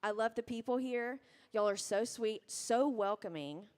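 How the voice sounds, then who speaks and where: A woman's voice: fairly high pitch, unhurried, a little mellow, clear, resonant tone. A young woman from Mississippi with a Southern accent, chatting with a bar crowd between songs in a casual, self-deprecating way. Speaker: singer-songwriter performing live. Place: live music bar stage. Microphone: stage vocal mic.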